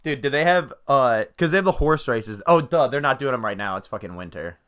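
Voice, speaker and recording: A man's voice: medium pitch, lively intonation, fairly quick, a bit bright, clean tone. Young guy on a podcast, swearing a lot, just rambling through a story. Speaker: podcast co-host. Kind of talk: casual chat.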